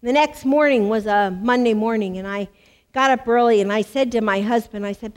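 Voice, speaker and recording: A middle-aged woman from the United States preaching to a women's gathering. She tells her story in lively bursts, stacks up repeated phrases for emphasis, and her voice sits a little high. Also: fairly quick. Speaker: women's ministry speaker. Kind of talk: sermon with personal testimony.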